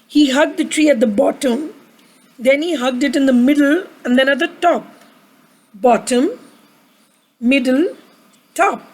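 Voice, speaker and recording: A woman's voice: high-pitched, measured pace, pauses often, darkish tone, rough recording. A woman with a sore throat reading a picture book aloud to children, asking them to repeat words with her. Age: adult with a daughter. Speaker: storyteller for children.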